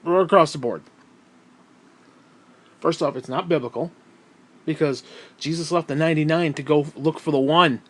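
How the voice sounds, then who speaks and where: A man's voice: a little high, moderate pace, long pauses. A man delivering an angry, profane vlog rant, irritable and sighing heavily between outbursts. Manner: profane, irritable, heavy sighs. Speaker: vlogger. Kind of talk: angry ranting monologue.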